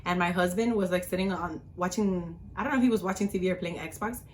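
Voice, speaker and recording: A young woman vlogger casually telling a personal story, chatty and animated, with lots of "like". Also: on the low side, fast, a little hiss or hum.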